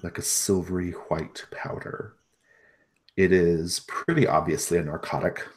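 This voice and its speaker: A man narrating a tabletop game as game master, relaxed and hesitant with many fillers. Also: deep voice, unhurried, a little hiss or hum.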